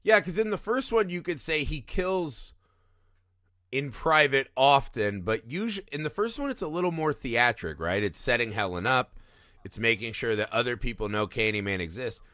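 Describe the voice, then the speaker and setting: A man co-hosting a film podcast in a casual, animated chat, swearing freely and acting out lines from the movie. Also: mid-range voice, moderate pace, dry recording, studio quality. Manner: animated, swears, acts out quotes in put-on voices. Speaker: podcast co-host.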